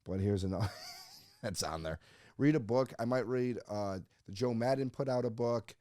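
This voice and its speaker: A man's voice: mid-range voice, moderate pace, mellow, dry recording, studio quality. A man hosting a comedy podcast, reading a listener post aloud and joking about it in casual chat. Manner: joking, reads listener posts aloud and riffs on them. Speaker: podcast host.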